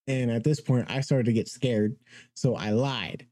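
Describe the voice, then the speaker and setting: A man's voice: mid-range voice, unhurried, mellow, dry recording. A young man and podcast co-host telling a rambling story in casual chat, laughing through it.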